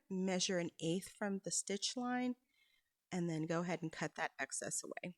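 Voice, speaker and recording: A woman's voice: fairly low pitch, no room sound, low-quality recording. A woman giving a patient, step-by-step sewing tutorial as a voice-over, with small asides as she works. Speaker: quilting instructor.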